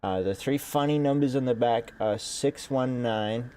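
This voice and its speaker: A man's voice: medium pitch, measured pace, mellow, clean tone. A young man with a congested nose, rambling sarcastically in casual gaming commentary. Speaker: streamer.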